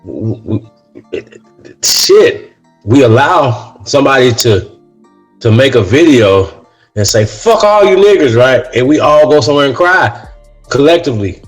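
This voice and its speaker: A man's voice: mid-range voice, lively intonation, measured pace, pauses often, soft background music, poor audio. A man hosting a casual talk show, speaking in a loose monologue that keeps landing on "man" and "right?", and getting heated as he goes. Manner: says "man" and "right?" often; gets heated. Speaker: podcast host.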